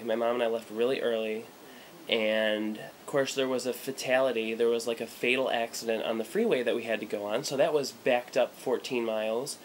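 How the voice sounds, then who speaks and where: A young man from the United States rambles through a casual travel vlog, shot on a handheld camera in a small hotel room. His medium-pitched voice comes through on a low-quality recording with some hiss or hum, and his talk is irreverent, full of fillers and blunt asides.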